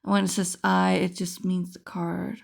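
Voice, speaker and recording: A woman speaks in an unhurried, relaxed way as she sorts through a card pack. Her voice has a noticeable vocal fry. She thinks aloud, trailing off and restarting mid-sentence. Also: fairly low pitch. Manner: musing, thinking aloud with fillers. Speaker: card game vlogger. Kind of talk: casual unboxing chat.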